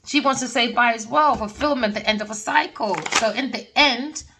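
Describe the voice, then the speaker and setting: A woman's voice: a little high, normal speed, vocal fry, far from the mic, background noise. A woman giving a casual tarot reading, rambling and emphatic with plenty of slang. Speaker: tarot reader.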